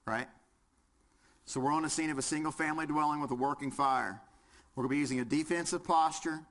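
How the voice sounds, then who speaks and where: A man's voice: fairly high pitch, fairly quick, fairly bright tone. A man with a Southern US accent teaching a fire service class, quizzing the audience and joking as he goes. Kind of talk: lecture with audience participation.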